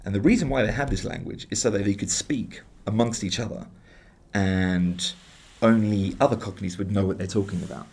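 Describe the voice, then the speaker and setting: This guest speaks briskly in a lowish, slightly rough voice with a London English accent. Chatting casually, the Englishman tells lively stories and mimics the voices of those he quotes.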